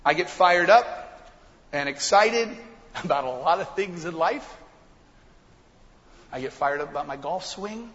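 A middle-aged man preaching a sermon in a church, swinging from quiet asides to loud, fired-up emphasis. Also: fairly high pitch, expressive, measured pace, long pauses. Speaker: pastor. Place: church sanctuary. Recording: long hall reverb, dull lo-fi sound.

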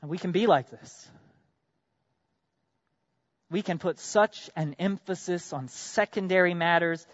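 Earnest high-voiced man preaching a sermon. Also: unhurried, long pauses, no room sound, muffled recording. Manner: earnest, with sudden loud emphatic bursts and quiet drops; addresses congregation directly with rhetorical questions. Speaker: pastor.

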